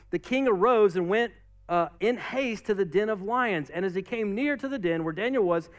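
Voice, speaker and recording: A man preaching a sermon as pastor, lively and casual, acting out quotes and asides. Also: high-pitched.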